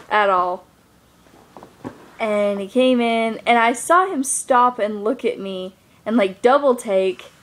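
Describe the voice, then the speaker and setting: A young woman speaks casually into her camera, rambling through a personal story. Her talk is loose and full of fillers, with a middling voice. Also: mid-range voice. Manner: rambling, lots of fillers like "like" and "you know". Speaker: vlogger.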